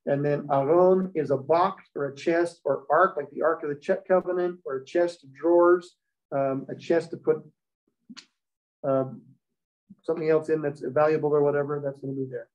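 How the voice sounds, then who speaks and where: A man's voice: a little high, fairly even intonation, normal speed. A man teaching a Hebrew class, explaining step by step and checking in with the students. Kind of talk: classroom lecture. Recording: dull lo-fi recording.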